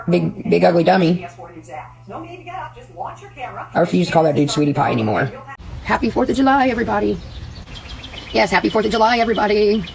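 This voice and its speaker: Gravelly, profane woman venting. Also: fairly low pitch, a little hiss or hum, rough recording. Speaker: livestreamer talking to her chat. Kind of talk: casual livestream chat.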